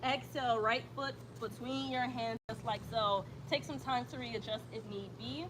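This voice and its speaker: A woman guiding a yoga stretch routine with steady breathing cues and casual asides. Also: fairly high pitch, normal speed, noisy background. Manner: calm breath cues, chatty when reading comments. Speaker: yoga instructor. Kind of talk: guided yoga instruction.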